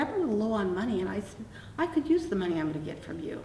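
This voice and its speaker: A woman's voice: medium pitch, quick pace. An older woman, a guest in an oral-history interview, telling a story in a blunt, wry way with lots of quoted back-and-forth. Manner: animated anecdote with quoted dialogue, blunt and wry. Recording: roomy echo, distant mic, faint room hum.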